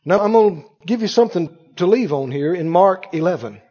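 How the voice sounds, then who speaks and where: Male pastor, high animated voice, husky edge, emphatic sermon delivery; dull, echoey church hall recording. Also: fairly quick. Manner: emphatic preacher, swings from loud to hushed. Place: church sanctuary.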